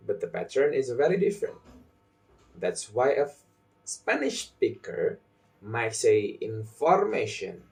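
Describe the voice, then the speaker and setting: Slow, deliberate young man teaching stress. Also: medium pitch, a little mellow, recorded from a distance. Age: young adult. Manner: slow, deliberate, repeats example sentences with marked stress. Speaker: student presenter. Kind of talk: recorded phonology lesson. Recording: voice set back from the mic.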